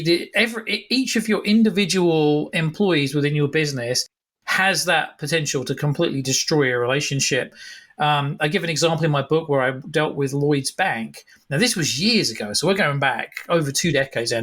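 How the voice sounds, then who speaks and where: A man in his forties, a guest author, telling a lively anecdote in a podcast interview with some restarts. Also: on the high side.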